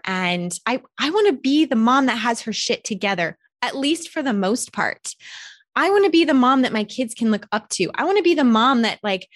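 A woman's voice: a little high, no echo, clean studio sound. A woman in her thirties hosting a motivational podcast, talking emphatically and candidly and swearing freely, recorded in a hotel room. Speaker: podcast host.

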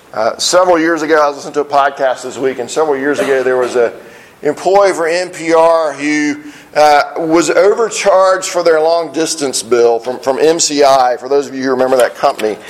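A man preaching a sermon as pastor, earnest, often restarting phrases and slowing down on key lines. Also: on the high side, poor audio. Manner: earnest, repeats words when starting phrases, slows on key lines.

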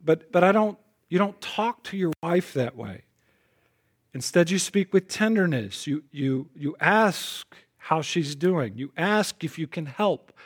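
Emphatic preacher man with a higher voice. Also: lively intonation, a little slow, breathy edge. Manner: emphatic, repeats words when starting a phrase; swings between loud punches and soft lowered asides. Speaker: pastor. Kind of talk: sermon.

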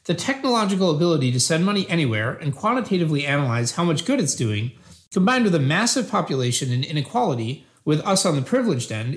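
A man reading the part of an earnest debater who defends utilitarian ethics in a scripted philosophical dialogue, measured and patient. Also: fairly high pitch.

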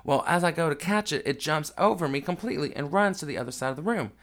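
A man's voice: on the high side, animated, fast talker, fairly bright tone. A man, hosting a podcast and telling a family story in a raw, emotional, unedited way. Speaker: podcast host. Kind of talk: casual storytelling monologue.

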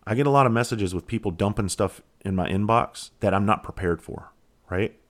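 A man hosting a podcast, talking candidly and reflectively, blunt and quick to swear. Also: fairly low pitch. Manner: reflective, halting. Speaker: podcast host. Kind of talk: casual solo podcast monologue.

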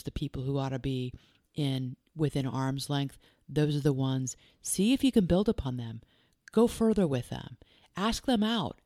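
A woman's voice: low voice, a little mellow, no echo, studio quality. A woman who works as a life coach and hosts a podcast. She talks earnestly and directly, firing off strings of probing questions and repeating key phrases for emphasis.

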